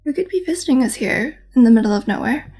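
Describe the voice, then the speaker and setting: A woman's voice: fairly high pitch, animated, fast, warm tone, husky. A woman gaming host reading a visual novel aloud, mixing dramatic reading with casual asides. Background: faint game music.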